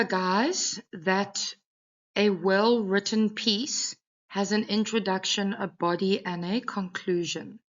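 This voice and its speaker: A woman's voice: mid-range voice, muffled recording. A woman English teacher giving an exam revision lesson, talking a class through a text and often checking in with "okay".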